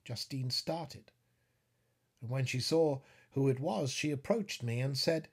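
Grave, slow-reading male narrator. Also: medium pitch, lively intonation, slightly rough. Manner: grave, measured, rising to fierce declamation. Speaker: audiobook narrator. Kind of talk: dramatic literary reading.

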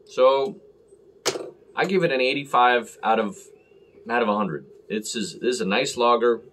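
A man's voice: medium pitch, normal speed, a bit bright, a little hiss or hum. A man talking casually and rambling as he reviews a beer on camera, full of fillers and self-deprecating asides.

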